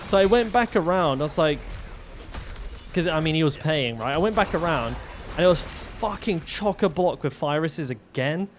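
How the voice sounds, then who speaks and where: A man's voice: a little high, expressive, normal speed, soft background music. A young man streaming a game, telling stories in a rambling way, swearing freely with lots of fillers and restarts. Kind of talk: casual storytelling while gaming.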